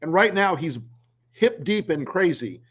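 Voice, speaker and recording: A man's voice: a little high, expressive, unhurried, breathy edge, lo-fi sound. A man co-hosting a casual political chat, sardonic and profane. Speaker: co-host.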